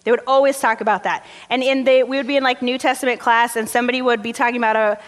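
A woman's voice: a little high, fast. A woman pastor preaching a sermon, telling stories in a conversational way with casual fillers. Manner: conversational storytelling, relaxed fillers. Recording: long hall reverb.

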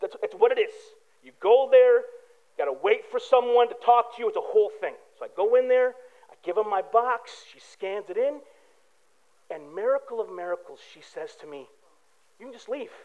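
Heard over phone-quality audio, a man with a high, expressive voice speaks at a moderate pace. He's a pastor giving a relaxed, story-driven sermon full of everyday anecdotes and side remarks to his congregation.

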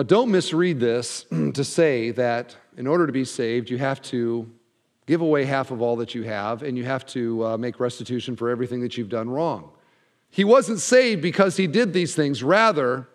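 A man preaching a sermon as pastor, animated, his voice often dropping low at the ends of phrases. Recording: long hall reverb.

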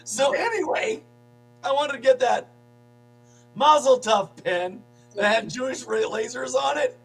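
Very high-voiced, profane joking man. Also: lively intonation, unhurried, gravelly, husky, faint music behind, low-quality recording. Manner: profane, joking, bursts into mock outrage. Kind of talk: casual comedic chat.

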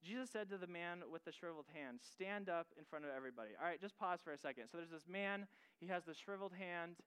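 A man's voice: high-pitched, fast, fairly bright tone, smooth, poor audio. A male pastor preaching a sermon in a casual, conversational way, asking the audience questions directly.

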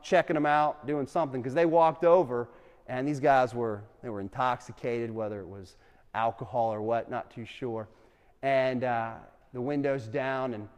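A young adult man teaching a class, an animated storyteller who keeps asking the room questions. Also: medium pitch. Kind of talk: lively classroom talk with questions to students. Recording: long reverb in a hall.

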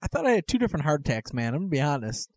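A man co-hosting a podcast, excitable and quick to laugh. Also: on the high side, no room sound. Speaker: podcast co-host. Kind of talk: casual chat.

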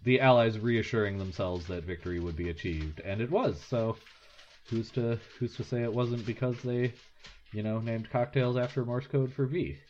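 A man's voice: mid-range voice, normal speed, a little mellow, muffled recording, slight background noise. A man co-hosting a podcast in casual chat, rambling and wry, with many fillers. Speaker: podcast co-host.

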